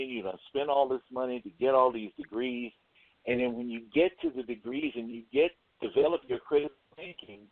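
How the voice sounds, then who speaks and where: A man's voice: mid-range voice, no room sound. Brief: blunt, streetwise male caller, slangy, tinny dry phone line. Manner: blunt, streetwise, slangy, restarts mid-thought. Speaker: caller on a talk radio show. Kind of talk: casual call-in commentary.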